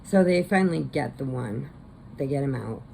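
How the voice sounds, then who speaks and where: Chatty woman vlogger with a low, gravelly voice; rambling movie recap at home. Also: lively intonation, normal speed, mellow, a little hiss or hum. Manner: rambling, chatty, laughs often.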